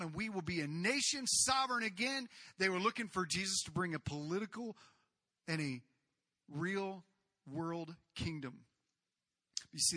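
A man preaching a sermon, telling the story in a casual, conversational way, speaking to the congregation directly and breaking into loud acted outbursts. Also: high voice, dry recording. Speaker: pastor.

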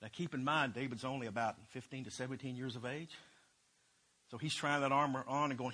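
A man's voice: a little high, fairly quick, pushed and bright. A man teaching a Bible lesson, retelling scripture in loose everyday talk.

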